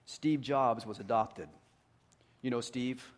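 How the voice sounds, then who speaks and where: A man preaching a sermon as pastor to his congregation. He speaks earnestly and often drops to a hushed voice for emphasis. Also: mid-range voice, slow pace.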